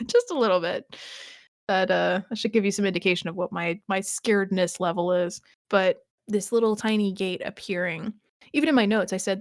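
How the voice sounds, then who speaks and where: A woman's voice: medium pitch, moderate pace, no room sound, clean studio sound. A woman co-hosting a TV rewatch podcast, chatting casually and thinking aloud, with frequent restarts and small laughs. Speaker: podcast co-host.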